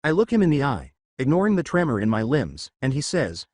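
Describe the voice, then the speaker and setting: A man reads first-person fan fiction aloud as dramatic storytelling. His pitch moves in wide, lively swings at a middling height. The recording is dry and close to the mic. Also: a little fast, hardly any pauses, no echo. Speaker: narrator.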